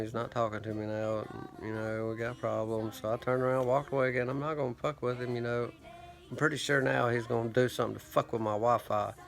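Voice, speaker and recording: A man's voice: medium pitch, fairly bright tone. A man rambling through a profane, self-mocking story in a casual monologue, his throat parched. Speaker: vlogger.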